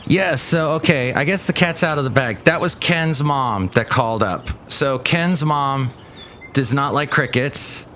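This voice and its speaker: A man's voice: medium pitch, a little slow, sharp tone. A man in a mid-range voice hosts a casual podcast, rambling and joking in a goofy way. A faint hiss of ambience sits under his voice. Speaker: podcast host. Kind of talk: casual chat.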